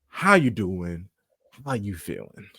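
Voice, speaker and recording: A man hosts a laid-back sports podcast in a fairly low voice. He opens the show with playful, hype-style patter, then settles into easy chat about the week and the coming games. The sound is close and dry. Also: big pitch swings, slow, a bit bright, dry recording. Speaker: podcast host.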